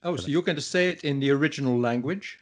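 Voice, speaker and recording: A man who is a guest on a casual podcast, an English teacher giving thoughtful, measured explanations. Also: fairly high pitch.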